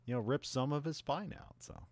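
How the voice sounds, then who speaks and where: A podcast host recapping a film in a casual, rambling way, full of fillers and restarts, laughing at the plot now and then. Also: male voice, on the high side, fairly quick, darkish tone, no room sound.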